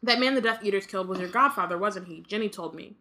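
A woman's voice: medium pitch, fast talker, sharp tone. A woman reading aloud the lines of a dreamy, odd teenage girl in a light voice.

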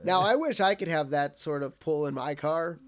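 A man's voice: a little high, moderate pace. A man co-hosting a podcast, recapping a cartoon episode in casual chat and acting out quotes. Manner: animated, acts out quotes in put-on voices. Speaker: podcast co-host.

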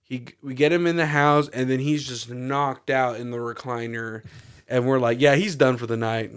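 A man co-hosting a casual podcast who tells stories in a rambling way, with lots of swearing, quick bursts and laughter. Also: medium pitch, steady tone, clean tone. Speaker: podcast co-host. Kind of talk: casual storytelling chat.

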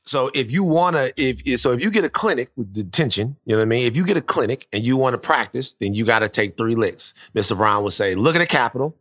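A man telling a long personal story in casual chat, animated and profane, often restarting his sentences. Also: mid-range voice, quick pace, few pauses, no echo, studio quality.

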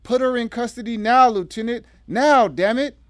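A man's voice: very high voice, normal speed, dry recording, pitched above the performer's own voice. A man reading aloud, voicing an angry woman prosecutor barking orders. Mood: furious.

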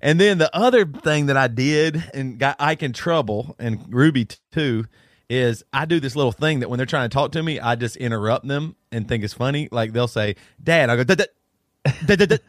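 A man in his thirties co-hosting a podcast, telling family stories in a lively way and laughing often. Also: mid-range voice, normal speed, no room sound, clean studio sound. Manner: animated storyteller, laughs often. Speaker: podcast co-host. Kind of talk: casual chat.

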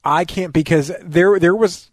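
A man's voice: high voice, measured pace, dry recording. Conversational male radio co-host. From New York. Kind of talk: casual sports talk.

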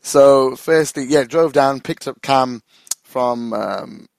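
A man's voice: mid-range voice, slow, vocal fry, no room sound. Sweary, rambling man chatting football. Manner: rambling, laughs often, sweary. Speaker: podcast co-host. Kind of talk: casual football chat.

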